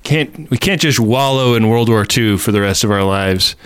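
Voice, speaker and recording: A man's voice: on the low side, moderate pace, fairly bright tone, clean tone, dry recording. A man hosting a film podcast, teasing his co-hosts and steering the segment in casual chat. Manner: dry, teasing, runs the segment. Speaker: podcast host.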